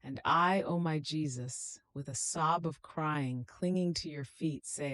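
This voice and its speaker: A woman reading a devotional meditation aloud in a slow, solemn, prayerful manner. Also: sits low, fairly bright tone, dry recording. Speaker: devotional reader.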